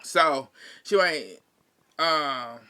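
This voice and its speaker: A man's voice: fairly high pitch, very slow, bright, forceful tone. A man giving a chatty, slangy recap in casual commentary, laughing often and adding sassy asides. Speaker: reality TV recap vlogger.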